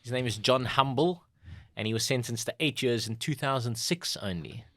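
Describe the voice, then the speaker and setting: A man from South Africa co-hosting a comedy podcast, chatty and quick to laugh. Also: mid-range voice, a bit bright, no room sound, studio quality. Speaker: podcast co-host. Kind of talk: casual comedy chat.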